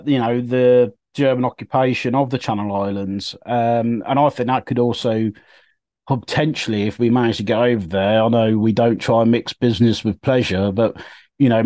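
A man's voice: mid-range voice, a little mellow, no room sound. A young man telling a story in casual podcast chat, rambling with many fillers and restarts. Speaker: podcast co-host.

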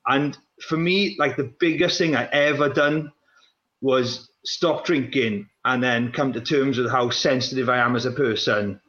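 Speaking in a mid-range, somewhat bright voice at an unhurried pace, a podcast guest who used to run professionally tells long, rambling comic tales in relaxed chat. He comes from the Welsh valleys and has a South Wales Valleys accent. The recording has an echoey, dull room tone.

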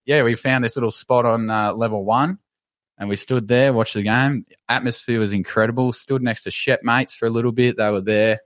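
A man with an Australian accent telling a story on a podcast in a casual, animated way, swearing and laughing as he goes. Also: mid-range voice, moderate pace, no room sound. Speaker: podcast co-host.

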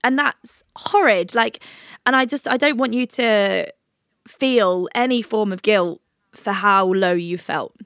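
A woman's voice: mid-range voice, slow pace, a bit bright, no room sound, studio quality. A woman co-hosting a podcast, crying as she comforts her best friend over a video call, swearing freely. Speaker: podcast co-host. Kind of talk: emotional casual chat.

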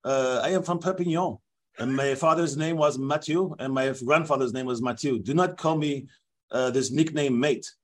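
A man voicing a bumbling, apologetic male French rugby referee in a comedy sketch, with a mock French accent and a hesitant, sheepish manner full of pauses. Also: medium pitch, lightly acted. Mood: indignant.

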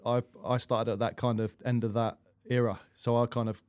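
A man's voice: medium pitch, little pitch movement, moderate pace, darkish tone, clean tone, dry recording. A man in his thirties, a podcast guest, chatting casually and rambling through swear-laced anecdotes with lots of restarts. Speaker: guest goalkeeper. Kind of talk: casual storytelling chat.

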